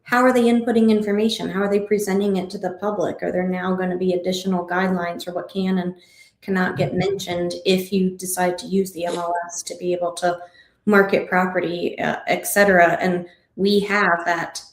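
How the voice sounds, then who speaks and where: Low, gravelly woman in an echoey room. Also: flat delivery, brisk. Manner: asks a string of questions while thinking out loud. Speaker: real estate agent guest. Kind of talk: casual livestream discussion.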